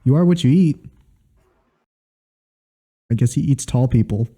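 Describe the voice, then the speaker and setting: Deadpan man with a very dark, mellow voice. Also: medium pitch, a little slow. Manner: deadpan, sarcastic joker. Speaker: podcast co-host. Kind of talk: casual podcast chat.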